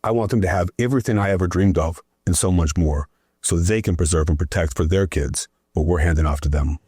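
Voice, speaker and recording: Deep husky man, emphatic politician. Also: fairly quick, warm tone, dry recording, studio quality. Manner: emphatic storyteller, keeps adding "right?". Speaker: political guest. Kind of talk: political conversation.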